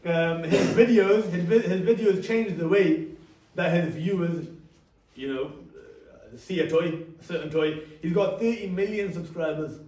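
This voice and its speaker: A man's voice: sits high, a little mellow, recorded from a distance. A young man giving an interactive talk to a youth audience, often asking them questions. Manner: conversational, asks the audience questions. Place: hall or classroom with a live audience. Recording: echoey room, speaker off-mic.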